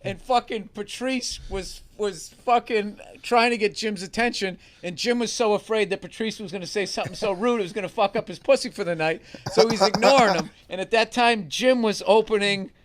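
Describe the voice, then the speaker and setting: Man, middle-aged, high voice, profane, emphatic, casual comedy chat. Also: a little fast. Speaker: comedian guest.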